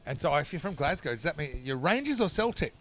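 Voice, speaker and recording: Bright-voiced male cricket commentator. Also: on the high side, sing-song, fast. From Australia. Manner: chatty, laughs often, breaks off for play-by-play. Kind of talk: live sports commentary and chat.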